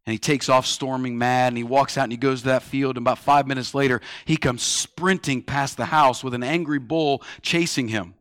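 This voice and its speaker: A man in his thirties preaching a sermon, telling stories and swinging between loud, pressing lines and hushed ones. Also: mid-range voice, steady tone, normal speed, hardly any pauses, dry recording, studio quality. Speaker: pastor.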